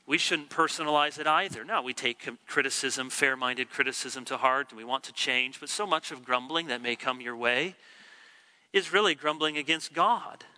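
A middle-aged pastor preaches a sermon at a moderate pace, acting out the complaints he quotes with lively swings in pitch and volume.

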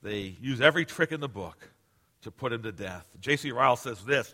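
A man in his forties delivers a sermon with a bright, forceful tone. He swings from ringing emphasis down to near-whispered asides. His voice carries the long reverb of a large church sanctuary. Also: mid-range voice, lively intonation, normal speed. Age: 40s. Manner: emphatic, swinging from loud to hushed. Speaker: pastor.

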